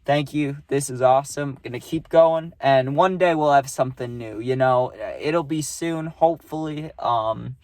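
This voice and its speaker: A man's voice: medium pitch, moderate pace, hardly any pauses, darkish tone, no room sound. A young man, rambling through a casual storytime and tagging lines with "right?". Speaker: vlogger.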